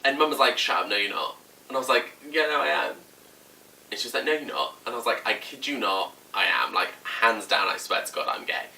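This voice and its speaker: Speaking fast and animatedly in a fairly low, bright, forceful voice, a young man vlogs a personal story straight to camera. His delivery is chatty and loaded with "like," and he performs the quotes he recounts, picked up by a slightly distant mic amid faint room noise.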